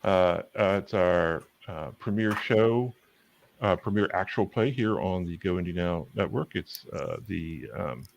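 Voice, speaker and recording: Low gravelly man opening a show. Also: slight background noise. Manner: halting, many filler sounds. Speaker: show host and player.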